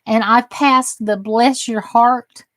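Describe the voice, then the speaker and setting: Speaking slowly and steadily in a slightly high voice, a crafting livestream host from the American South reads comments aloud and chats folksily. Her Southern-accented talk is chatty and self-deprecating, and the audio has no echo.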